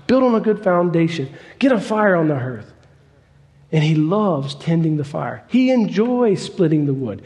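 A man preaching a storytelling sermon, folksy and emphatic and fond of repeating himself. His voice is mellow and dark, set slightly high. A long reverb hangs on every phrase.

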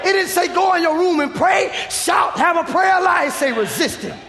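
Male preacher, very high and gravelly, shouting sermon, echoey church hall. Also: animated, normal speed, crowd noise. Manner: shouting, emphatic, acts out dialogue. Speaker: evangelist preacher.

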